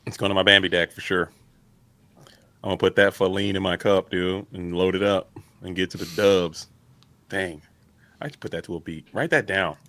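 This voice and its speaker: A man's voice: low-pitched, fairly even intonation, moderate pace, long pauses, fairly bright tone, no room sound. A man co-hosting a card game review stream in casual chat, playful and jokey. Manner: playful, jokey, drops into goofy put-on voices.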